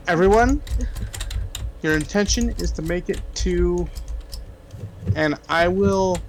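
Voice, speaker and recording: Slow halting guy player planning the next move, a bit high voice. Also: a little hiss or hum. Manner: hesitant, halting. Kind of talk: casual play over voice chat.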